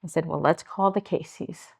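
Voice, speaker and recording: A homeless services director, middle-aged and Midwestern American in accent, shares stories in an interview with earnest, lively retellings that act out the people she quotes. Her low voice is creaky with a breathy edge, and her pace is moderate.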